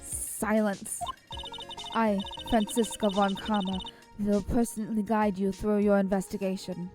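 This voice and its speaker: A woman's voice: mid-range voice, little pitch movement, unhurried, music in the background, close to an everyday voice. A woman voicing a haughty young female prosecutor, commanding and clipped, while reading game dialogue aloud. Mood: imperious.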